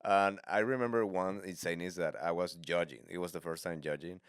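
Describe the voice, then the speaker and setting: A man with a low, smooth voice hosts a relaxed comedy podcast. He tells stories eagerly and acts out the people in them. His voice is close and dry, with no room sound. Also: brisk, no echo. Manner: animated storyteller, acts out quotes. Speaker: podcast host. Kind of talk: casual comedy podcast chat.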